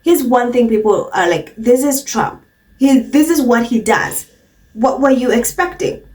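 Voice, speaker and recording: A woman with a slightly high voice hosts a celebrity gossip commentary. She talks in a mocking, conversational way and hammers points home by repeating short phrases. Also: expressive, a little slow, a little mellow, distant mic. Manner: mocking, repeats phrases for emphasis, often laughs. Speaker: commentary channel host.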